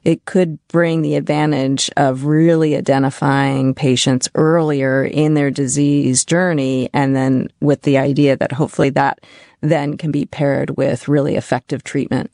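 Woman in her forties, executive guest; measured answers, a touch of gravel, dry close sound. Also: extremely low pitch, flat delivery, dark tone, dry recording. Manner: measured, corporate, with fillers. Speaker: biotech company executive. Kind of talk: interview answers.

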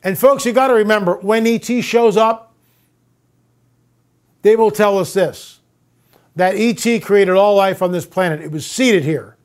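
A man hosting a talk show, telling a story to listeners in a loose conversational monologue. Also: sits high.

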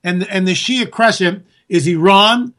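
A man's voice: high voice, unhurried, fairly bright tone. A man hosting a political talk radio show, ranting and sarcastic, talking straight to his listeners. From California.

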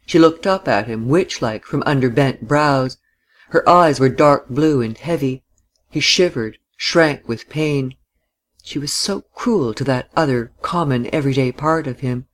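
A man reading a novel aloud as an audiobook narrator, measured and even. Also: medium pitch. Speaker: audiobook reader.

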